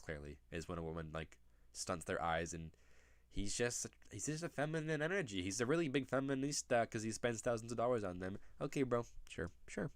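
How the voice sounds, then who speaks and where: Profane, ranting young man, low voice. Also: dry recording. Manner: profane, rambling, sarcastic rants; sudden loud outbursts. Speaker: commentary video host. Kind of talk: casual commentary reacting to pictures.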